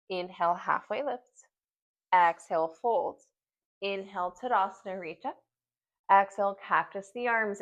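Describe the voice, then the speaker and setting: A woman's voice: mid-range voice, highs cut off. A woman leading a yoga class at home, giving short breath-paced cues while doing the poses and getting out of breath. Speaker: yoga instructor.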